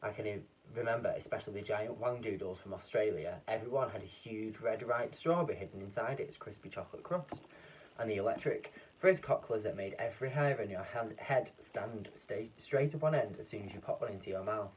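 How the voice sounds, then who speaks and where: A man reading a children's book aloud in a lively, expressive way, with a few slips and restarts. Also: on the low side, a little fast, slight background noise. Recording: dull, distant lo-fi recording.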